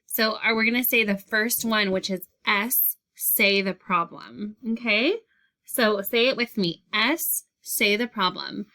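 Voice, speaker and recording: A woman teacher with a bright, forward voice gives a lesson to young children. She talks patiently and repeats the key steps so the kids can follow along. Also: medium pitch, a little slow. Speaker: elementary school teacher.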